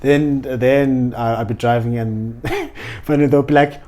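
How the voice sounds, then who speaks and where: A young South African man hosts a relaxed podcast chat. He tells stories with plenty of energy, laughing often and restarting his sentences, in an everyday middle-pitched voice. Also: measured pace. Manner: animated storyteller, laughs often, many restarts. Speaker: podcast host. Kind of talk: casual interview chat.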